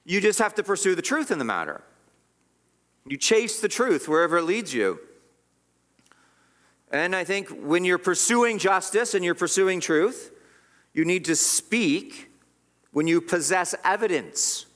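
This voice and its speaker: A man's voice: high-pitched, sing-song, unhurried, long pauses, fairly bright tone. A man preaching a sermon as pastor, earnest and emphatic, often repeating and restarting his words.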